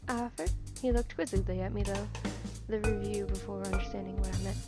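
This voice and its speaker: A woman's voice: medium pitch, steady tone, fast. A young woman hosting a gaming video, reading a story game's text aloud, stumbling over words and correcting herself. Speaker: gaming channel host. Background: background music.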